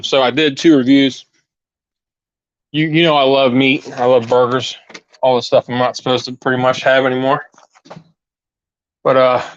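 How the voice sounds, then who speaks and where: A man's voice: medium pitch, fairly bright tone, no echo. Guy rambling to his viewers out in the yard, lapel mic, dry dull lo-fi sound, keeps restarting. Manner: rambling, restarts often, talks straight to viewers. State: out of breath. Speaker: channel host. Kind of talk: casual live chat while gardening.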